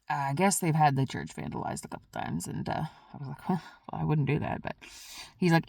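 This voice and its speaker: A woman vlogger tells a rambling story in a casual way and acts out her own past lines. Her pitch swings widely and her voice has a gravelly, creaky edge. The sound is close and dry. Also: big pitch swings, fairly quick, no echo.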